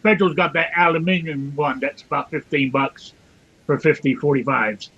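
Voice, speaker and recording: Bright-voiced man on a dull mic. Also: a little high, fairly even intonation, moderate pace, a little hiss or hum. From England. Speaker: voice chat participant. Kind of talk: casual online voice chat.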